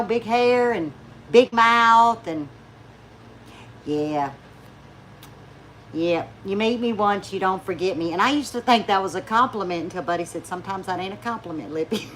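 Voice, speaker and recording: A woman's voice: mid-range voice, a bit bright, slight background noise. Chatty woman vlogger. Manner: chatty, folksy, laughs often, mimics people in stories. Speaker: YouTube vlogger. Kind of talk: casual storytelling chat to viewers.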